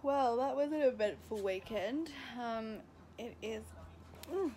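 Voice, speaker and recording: A young woman in her twenties chats to her camera at home for a casual vlog, laughing often. Her voice is a little high, warm and slow with lively intonation, and the home camera recording is noisy.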